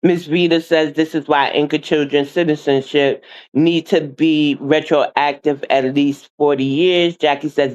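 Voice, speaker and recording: A woman's voice: sits low, fairly even intonation, measured pace, a little mellow. Blunt woman host, muffled lo-fi audio. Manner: blunt, exasperated, addresses viewers as y'all. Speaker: online show host. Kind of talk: casual livestream commentary.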